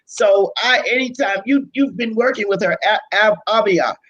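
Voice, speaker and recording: An older woman with a Brooklyn accent, chatting as an interview guest, self-deprecating and quick to laugh. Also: medium pitch, fairly bright tone, muffled recording. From Brooklyn, United States. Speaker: pastor and biblical scholar, guest. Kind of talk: casual conversational interview.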